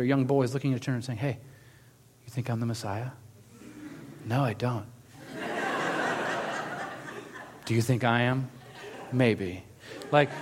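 In a large hall, a man with a somewhat high voice delivers a sermon as a pastor, telling it in a relaxed, animated style and performing the quoted lines.

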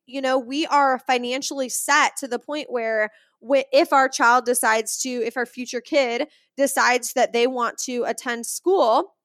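Woman, young adult, podcast host, high voice, chatty and animated, dry close sound. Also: no room sound. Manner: chatty, animated, lots of "okay?" and "right?". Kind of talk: solo podcast monologue on money mindset.

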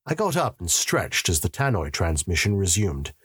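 A man's voice: deep voice, big pitch swings, moderate pace, a bit bright, slightly rough, no room sound, clean studio sound. A man narrating a story in the first person with a wry, sardonic manner.

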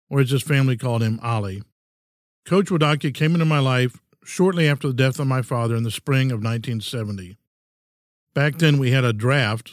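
A man in his sixties hosting a podcast, giving an earnest, measured, folksy reflective monologue. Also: medium pitch, dry recording, studio quality. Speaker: podcast host.

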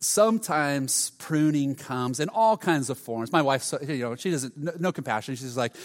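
A middle-aged male pastor preaching a sermon, telling stories with sudden loud outbursts. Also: a little high, expressive, moderate pace, few pauses. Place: church sanctuary. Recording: long hall reverb.

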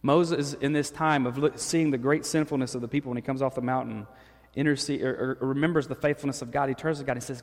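A pastor with a steady, mid-range voice and a fast pace preaches in a loose, conversational style, frequently restarting phrases as he works through the text and dramatizing paraphrases. A long hall reverb colors the recording.

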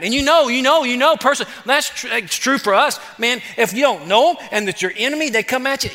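A man preaching a sermon as pastor, in an animated, conversational way with playful asides, in a church sanctuary. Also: very high-pitched, brisk, hardly any pauses. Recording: church hall reverb.

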